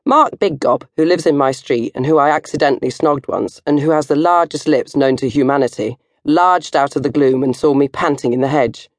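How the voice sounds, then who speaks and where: An older woman reading her own comic novel in first person, animated and jumping to high squeals for effect. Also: fairly quick, hardly any pauses, dry recording, clean studio sound.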